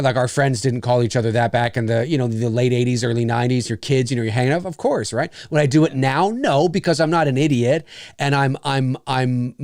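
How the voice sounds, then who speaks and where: A man's voice: mid-range voice, darkish tone, no echo, clean studio sound. A middle-aged man from Canada co-hosting a podcast in casual chat, rambling and emphatic, blunt about not caring. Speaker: podcast co-host.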